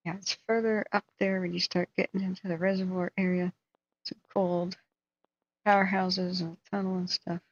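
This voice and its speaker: A woman's voice: lowish voice, little pitch movement, moderate pace. A woman hosting a live stream, chatting casually and thinking aloud as she tells a story. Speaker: livestream host. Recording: dull, dry lo-fi sound.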